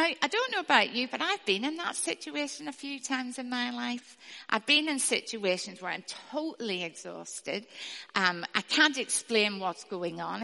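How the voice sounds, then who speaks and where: A woman's voice: mid-range voice, gravelly, sharp tone, in a large hall. A woman in her fifties giving an informal, chatty sermon with a Bible reading, full of ums and asides. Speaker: speaker at church.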